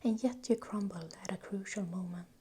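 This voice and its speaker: Whispered role-play: woman reading a measured, diplomatic male shaman elder, warm soft hush. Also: medium pitch, breathy edge. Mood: firm. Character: deep-voiced male elder shaman, stern but fair.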